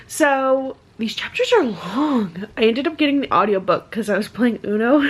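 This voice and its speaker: A woman's voice: mid-range voice, normal speed. A young woman vlogging casually about her reading, chatty and rambling with lots of fillers. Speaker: book vlogger. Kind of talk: casual vlog chat.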